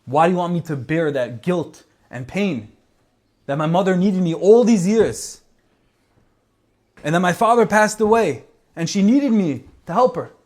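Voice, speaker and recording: Brief: man playing a hurt, bewildered young student, pleading, fairly high voice. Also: expressive, unhurried, darkish tone. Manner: pleading, confused outburst. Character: distraught young male yeshiva student.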